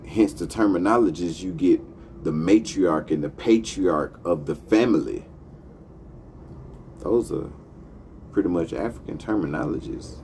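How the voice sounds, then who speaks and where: A man's voice: sits low, a little slow, long pauses, darkish tone, slight background noise. A man hosting a talk show, delivering a profane, impassioned monologue. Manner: profane, heated, emphatic. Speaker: podcast host.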